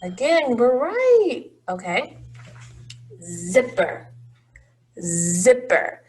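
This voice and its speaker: A woman's voice: on the high side, sing-song, drawn-out words, darkish tone, husky. A woman teaching a phonics lesson to young children, patient and encouraging, drawing out each word.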